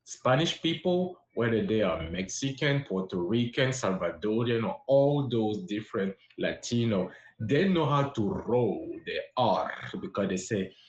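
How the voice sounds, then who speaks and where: A man teaching a live-streamed French lesson, patiently encouraging his viewers and repeating words slowly. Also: fairly low pitch, animated, reverberant, muffled recording. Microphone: live-stream app.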